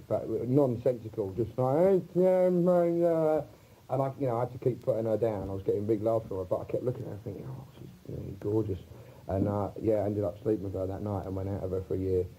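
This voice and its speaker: A man with a very dark, low voice speaking quickly in an interview. He rambles and corrects himself as he tells his story. Faint tape hiss underneath. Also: rough recording. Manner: rambling, self-correcting anecdote. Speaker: comedian guest.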